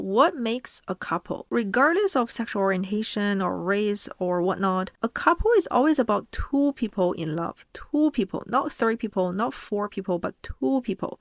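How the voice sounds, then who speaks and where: A woman's voice: mid-range voice, dry recording. Woman host, chatty advice narration with playful asides, dry close sound. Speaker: relationship advice video host.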